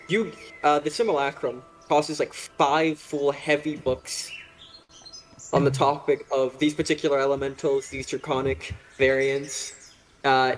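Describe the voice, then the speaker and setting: Male player, mid-pitched voice, casual table talk, faint music behind. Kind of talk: casual chat at a game table.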